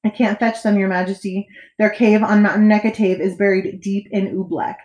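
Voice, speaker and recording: A woman's voice: medium pitch, steady tone, moderate pace, darkish tone, dull audio, lightly acted. A woman voicing a bold young boy in a read-aloud picture book, speaking bluntly and scolding. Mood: plain. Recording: echoey room.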